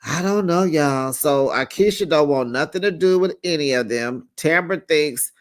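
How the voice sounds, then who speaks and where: A man hosting a casual reality TV recap, telling the story in an animated, sassy way and acting out the quotes. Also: on the high side, moderate pace. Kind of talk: casual gossip recap commentary.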